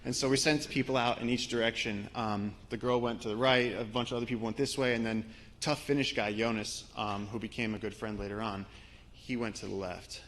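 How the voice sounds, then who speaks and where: A man from Brooklyn, an expedition guide, telling a lively story to a live audience with slides. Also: lowish voice, fairly quick. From Brooklyn, New York. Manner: animated storyteller, voice rising as the story builds. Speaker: expedition guide giving a talk.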